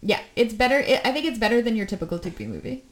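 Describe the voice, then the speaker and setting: A woman with a somewhat high voice talks loosely in casual podcast chat. She rambles, circles back, and leans on fillers as she goes. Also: expressive, rapid-fire. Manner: rambling, full of fillers and restarts.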